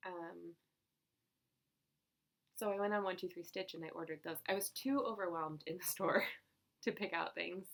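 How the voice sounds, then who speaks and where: This cross-stitch vlogger, a young woman, keeps things relaxed and rambling as she shows off her stitching finds. Her low, fry-heavy voice is sprinkled with giggles and fillers throughout the casual chat.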